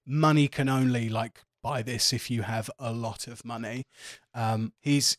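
A man's voice: mid-range voice, dry recording, clean studio sound. A man narrating as game master of a tabletop game, rambling with many fillers.

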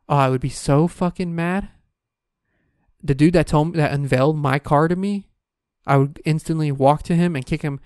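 A man's voice: a little high, fairly even intonation, a little fast, darkish tone, smooth, no echo, studio quality. Crude, exasperated ranting man. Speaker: comedic ranter. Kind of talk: profane comedic rant.

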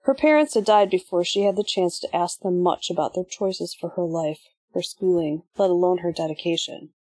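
Husky woman narrating a story. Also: fairly low pitch, normal speed, darkish tone, dry recording. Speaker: audiobook narrator. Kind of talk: scripted narration.

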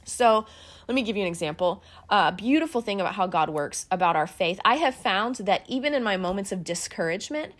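A woman's voice: medium pitch, animated, a little fast. A woman giving an earnest, conversational faith teaching built on personal stories, with many fillers and restarts. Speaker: Christian teacher.

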